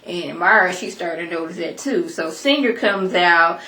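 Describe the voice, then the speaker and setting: In an echoey room, a TV episode reviewer talks through an episode in a casual, opinionated recap full of asides. Her voice is lowish, pushed and bright, moving at a moderate pace with few pauses. She comes across as chatty and storytelling.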